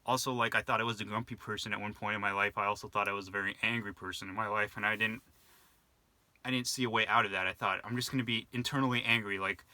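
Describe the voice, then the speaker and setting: A man's voice: lowish voice, fairly even intonation, fast talker, bright, forceful tone, dry recording. A young man talking on his own in a rambling, reflective way, with many fillers and restarts, as a vlogger. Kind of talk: casual monologue to camera.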